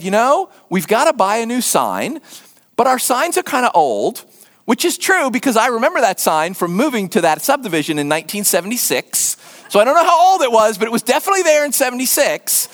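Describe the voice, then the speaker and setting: An older man preaching a sermon as pastor, lively and acting out quoted voices. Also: high voice, in a large hall. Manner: animated, acts out quoted voices.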